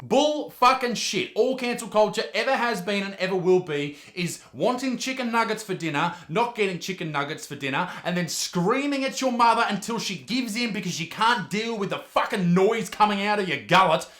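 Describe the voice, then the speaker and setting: A high-pitched, bright Australian man rants loudly and profanely straight to the camera. He is a comedian running his own channel, and his voice bounces around an echoey room. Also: a little fast, few pauses. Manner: loud, profane, animated ranting. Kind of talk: ranting reaction vlog.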